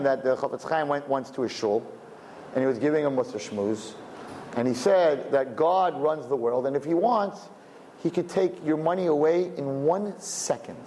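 A man in his fifties telling a story in a lecture, building to emphatic, high exclamations. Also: dark tone. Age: 50s. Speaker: religious teacher. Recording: reverberant hall with faint noise.

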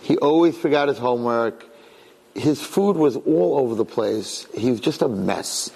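Husky-voiced rabbi telling stories. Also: male voice, medium pitch, moderate pace. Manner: animated, repeats phrases, quotes children in dialogue. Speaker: rabbi and speaker. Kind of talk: storytelling talk to an audience. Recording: long reverb in a hall.

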